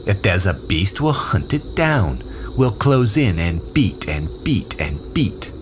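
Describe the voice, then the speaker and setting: A man reading an audiobook and voicing an aggressive, domineering boy leader who shouts with contempt. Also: lowish voice, big pitch swings, takes it slowly, over music. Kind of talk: audiobook character voice.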